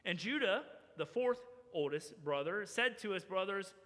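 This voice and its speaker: A man preaching a sermon as pastor, animated and acting out the voices of the people in his story. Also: sits high, moderate pace, hardly any pauses, long reverb tail. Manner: animated, acts out characters' voices. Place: church sanctuary.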